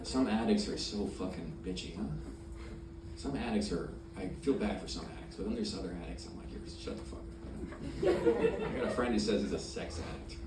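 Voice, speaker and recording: A man doing a stand-up comedy set on a club stage, brash and crude, swinging from loud punchlines to mumbled asides. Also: low-pitched, a little fast. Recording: roomy club sound from far off, loud crowd noise.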